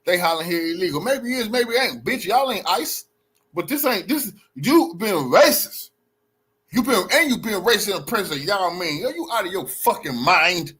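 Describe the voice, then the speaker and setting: A man's voice: high voice, expressive, normal speed, bright, forceful tone, slightly rough. A man livestreaming from a bar on his phone, talking in an agitated, repetitive way with heavy profanity and street slang. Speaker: livestreaming vlogger. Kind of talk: heated livestream confrontation and recap. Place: in and around a bar.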